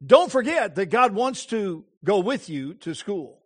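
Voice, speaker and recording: A male preacher giving an impassioned sermon, with emphatic phrasing and dramatic pauses. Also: high voice, very animated, slightly rough.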